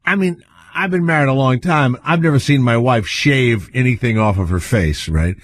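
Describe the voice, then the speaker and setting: A man's voice: medium pitch, normal speed, no echo. A man hosting a radio show, chatting casually, rambling and asking questions.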